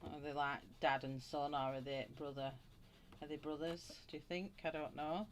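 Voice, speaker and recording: A woman's voice: low voice, fairly even intonation, moderate pace, slight background noise. A woman with a Wigan accent, chatting casually to live viewers while she colours, greeting them by name and rambling along. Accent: Wigan, Lancashire. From England. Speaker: colouring channel host.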